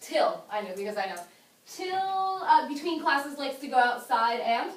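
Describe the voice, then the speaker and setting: Recorded from far off in an echoey classroom, a woman English teacher leads a lesson, upbeat and encouraging, asking lots of questions. Her high voice is expressive and unhurried.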